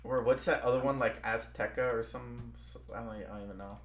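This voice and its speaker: A man's voice: medium pitch, steady tone, brisk, roomy sound. A young man, the stream host, chatting casually, rambling with many restarts and lots of "bro". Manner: rambling, restarts a lot, says "bro" often. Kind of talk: casual chat.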